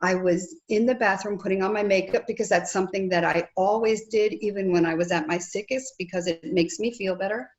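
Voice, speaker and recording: A middle-aged woman sharing a personal faith testimony in conversation, earnest and lively, acting out remembered dialogue. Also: medium pitch. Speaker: guest sharing her testimony. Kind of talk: conversational storytelling.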